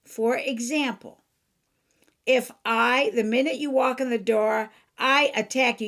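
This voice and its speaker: A woman's voice: on the high side, fairly even intonation, a little slow, a bit bright. A woman who hosts a podcast as a life coach, talking earnestly in a solo instructive monologue and acting out examples.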